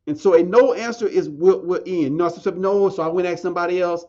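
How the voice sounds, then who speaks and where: A man's voice: sits high, brisk, a little mellow, dull audio. A man, a podcast guest telling a story in casual talk, often restarting and repeating phrases.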